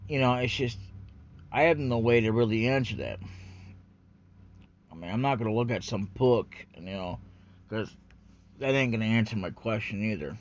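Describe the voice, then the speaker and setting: A man's voice: fairly low pitch, moderate pace, long pauses. A man ranting in a rambling, unscripted way about anime, profane and full of fillers, on a dull lo-fi recording. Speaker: anime commentary vlogger.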